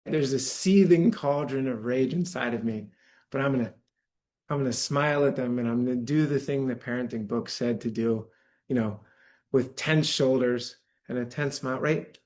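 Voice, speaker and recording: A meditation teacher speaks to a live audience in a church hall during a dharma talk, using a conversational style and frequent "right?" check-ins. His voice is mid-range and a little mellow, at a moderate pace.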